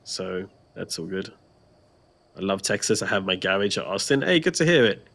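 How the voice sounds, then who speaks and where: A man's voice: low-pitched, expressive, moderate pace, gravelly, a bit bright. Chatty man laughing between remarks. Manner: chatty, laughs often, reads out viewer comments. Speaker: stream co-host. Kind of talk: casual livestream chat.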